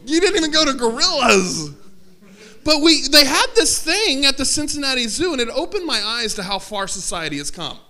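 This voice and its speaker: An energetic man speaks at a campus ministry workshop, his voice high and bright. He talks with a joking, animated manner and laughs often between points. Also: normal speed. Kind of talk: lively workshop talk.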